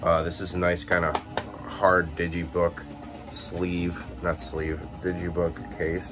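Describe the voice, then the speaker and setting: Deep-voiced guy showing off his collection. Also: slow pace, music in the background. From Illinois, USA. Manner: rambling, relaxed, many fillers and self-corrections. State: just woke up. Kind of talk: casual chat.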